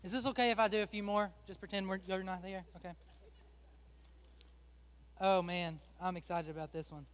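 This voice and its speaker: A man's voice: high-pitched, steady tone, moderate pace, pauses often, a bit bright, big-room sound. A male pastor giving a playful sermon, joking and chatting with volunteers on a church stage.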